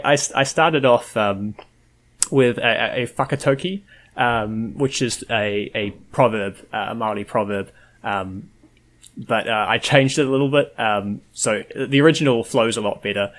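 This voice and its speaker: A man with a lowish, slightly bright voice hosts a casual podcast. He sounds hesitant, filling his speech with fillers and restarts.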